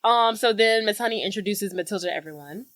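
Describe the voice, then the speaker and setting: A woman co-hosting a podcast, retelling a movie plot in casual chat with slangy asides and squeaky voiced quotes. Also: fast, rough recording. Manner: animated retelling with voiced quotes, lively swings in pitch; casual slang-filled storytelling. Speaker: podcast co-host.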